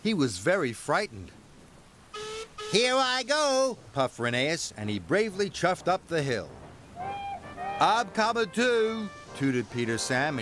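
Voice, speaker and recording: Slow, expressive storybook narrator, man. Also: mid-range voice.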